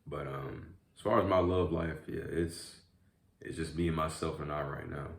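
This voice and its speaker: Low-voiced young man chatting loosely. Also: fairly even intonation, moderate pace, creaky, reverberant. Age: young adult. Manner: laid-back, rambling, says "man" and "y'all" often. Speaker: YouTube vlogger. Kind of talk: casual mukbang chat.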